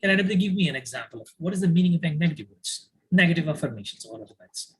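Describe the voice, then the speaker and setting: A man's voice: fairly high pitch, animated, rapid-fire, a little hiss or hum, rough recording. A man teaching an online yoga class who repeats his key phrases, uses many fillers and calls on his students by name.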